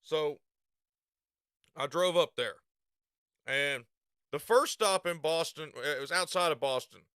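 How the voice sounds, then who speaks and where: A man's voice: fairly high pitch, animated, takes it slowly, long pauses, bright, forceful tone, clear, resonant tone, dry recording, studio quality. A man with a Southern US accent telling a rambling, profane story and laughing at himself. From Southern United States. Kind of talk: casual storytelling.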